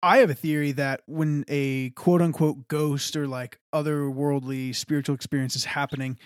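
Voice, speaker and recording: Animated young pastor, dry close mic. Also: male voice, a little high, no echo. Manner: animated, rambling, quick to laugh. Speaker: pastor and podcast co-host. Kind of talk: casual podcast chat.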